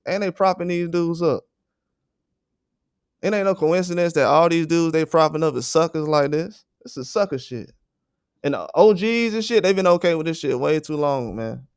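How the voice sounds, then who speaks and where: A man's voice: a little high, clear, resonant tone, no room sound. Male livestream host, fired-up and profane, clean resonant tone with a dry close sound. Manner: blunt, profane, indignant. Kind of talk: heated livestream rant.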